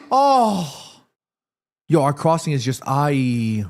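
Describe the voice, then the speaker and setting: A man from Korea hosting a live football watchalong stream, reading chat aloud, eating snacks and reacting loudly to the match. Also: fairly high pitch, slow. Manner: chatty, reads chat aloud, excited shouts at match action.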